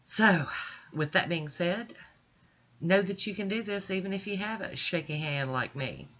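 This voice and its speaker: A woman's voice: on the low side, animated, measured pace, fairly bright tone, muffled recording. A woman with stuffy, congested sinuses, chatting reassuringly to viewers as she walks through a nail art tutorial at home. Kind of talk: casual step-by-step tutorial narration.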